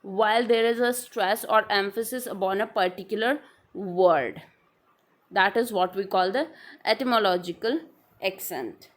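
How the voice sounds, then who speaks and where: A woman's voice: mid-range voice, a little slow. A woman explaining a literary term in an online lesson, hesitant, with many fillers and restarts. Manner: repeats "all right then". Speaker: teacher.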